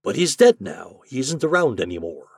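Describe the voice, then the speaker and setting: A man voicing a scheming, chubby male propaganda chief in an audiobook story, pushy and persuasive, pitched a little higher than his narration. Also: big pitch swings, moderate pace, vocal fry, slightly rough, no echo, studio quality, full character voice. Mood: persuading.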